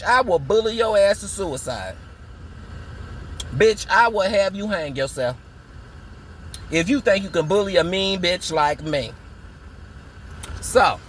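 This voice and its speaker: A man's voice: high-pitched, fairly bright tone, a little hiss or hum. A man from Michigan ranting in a sassy, dramatic casual vlog, drawing out words for emphasis. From Muskegon, Michigan. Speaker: vlogger. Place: car, in a parked or moving vehicle.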